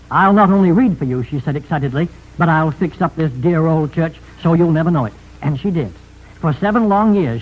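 A man's voice: high voice, phone-quality sound. A man telling a story in a folksy radio style, chatty asides to the listener.

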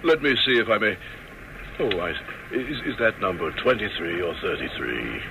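An actor playing a dignified, flustered older gentleman who stammers politely. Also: on the low side, animated, moderate pace, vocal fry, background noise. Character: flustered well-dressed older gentleman, smitten.

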